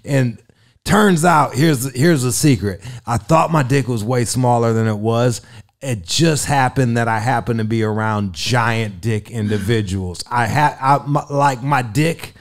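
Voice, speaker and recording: A man's voice: medium pitch, a little slow. A man telling a crude story in casual chat, swearing constantly and acting out quotes in a raised voice. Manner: profane, animated, acts out quotes in a raised voice. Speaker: radio personality and interview guest.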